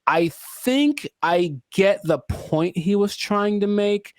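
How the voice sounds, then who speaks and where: A man's voice: high voice, lively intonation, takes it slowly, clean tone, no room sound. A man hosting a podcast, chatting casually and riffing playfully. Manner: playful, riffing, self-correcting. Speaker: podcast host.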